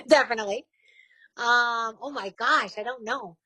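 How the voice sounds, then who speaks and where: A woman in her forties with a New York accent, a radio host telling her story in a casual interview, candid and quick to laugh. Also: a little high, sharp tone, slightly rough, no room sound, rough recording.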